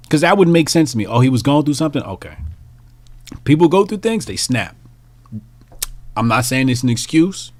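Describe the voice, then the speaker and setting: A man's voice: fairly high pitch, no echo. A man hosting his own commentary channel, talking bluntly and profanely in a casual monologue and acting out small scenes. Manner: blunt, profane, animated, acts out bits of scenes.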